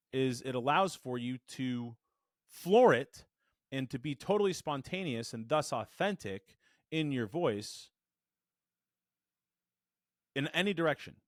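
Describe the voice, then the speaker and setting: A man teaching a voice lesson to camera, animated and demonstrative, shifting his resonance to show the difference. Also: medium pitch, dry recording, studio quality. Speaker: voice coach. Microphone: studio microphone.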